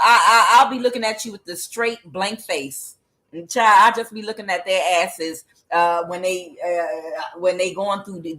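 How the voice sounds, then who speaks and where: A woman giving a tarot reading as an angry, profane rant, mocking the people she blames and filling pauses with "uh". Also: medium pitch, a bit bright. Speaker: tarot reader. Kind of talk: ranting tarot reading monologue.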